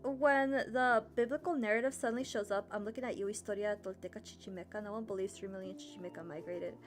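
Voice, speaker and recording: A woman teaches a casual history lesson on a livestream, chatty and rambling, with lots of fillers and laughter. Her mid-range voice stays fairly even and moves at a quick pace, with soft music playing in the background.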